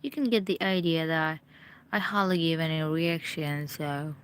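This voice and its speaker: A woman's voice: deep voice, steady tone, moderate pace, slight background noise. A young woman from India chatting casually with viewers on her live stream. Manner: chatty, talks straight to viewers.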